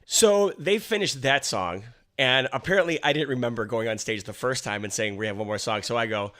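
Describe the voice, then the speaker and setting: A young man co-hosting a podcast, telling a story in casual chat with an animated, laughing delivery. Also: mid-range voice, normal speed. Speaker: podcast co-host.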